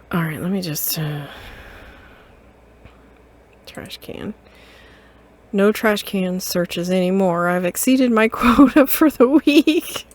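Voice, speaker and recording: A woman game streamer narrating and voicing her detective cat in a playful, amused way. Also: lowish voice. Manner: playful, giggly, quietly amused. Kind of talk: casual narration of a story game.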